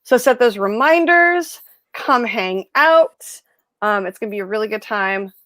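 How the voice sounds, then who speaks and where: A woman hosting a casual livestream chat, telling stories in a lively way and acting out the people she quotes. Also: fairly high pitch, unhurried, no echo. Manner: chatty storyteller, animated quoted voices. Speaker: host.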